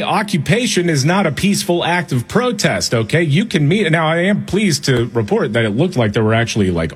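Talk radio guy, kinda low and husky, snarky, laughs a lot. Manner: opinionated, sarcastic, quick to laugh. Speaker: radio talk show co-host. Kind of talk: casual political talk radio chat.

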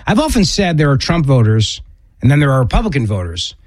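A man hosting a political talk radio show, giving emphatic, opinionated commentary in quick bursts with frequent restarts. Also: medium pitch, sing-song, darkish tone, dry recording.

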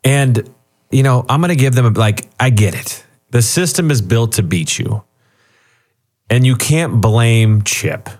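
A man talking as a guest expert on a radio show, animated and joking as he explains. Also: medium pitch, a little slow. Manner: animated and joking, acts out quoted people. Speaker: guest author and retirement expert. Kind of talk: radio talk show conversation.

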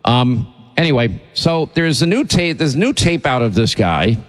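A man's voice: medium pitch, sing-song, a little slow, big-room sound. A man hosting a talk radio show, speaking in a blunt, indignant, rambling way.

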